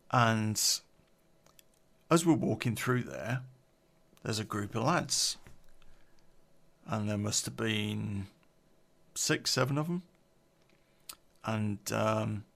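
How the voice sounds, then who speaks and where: Gravelly, sweary man telling a story. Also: fairly low pitch, fairly bright tone. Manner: blunt, sweary and rambling, drinking beer while talking. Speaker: podcast storyteller. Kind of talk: unscripted personal storytelling.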